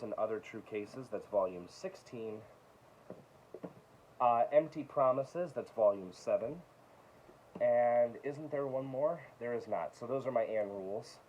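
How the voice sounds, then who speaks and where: A man with a low voice runs through his latest book haul in a relaxed, chatty way, reading off titles and tossing in quick asides. The sound is dull and lo-fi, with a faint hiss underneath. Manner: reads titles aloud with quick asides, chuckles. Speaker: book collector vlogger. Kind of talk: casual show-and-tell of books.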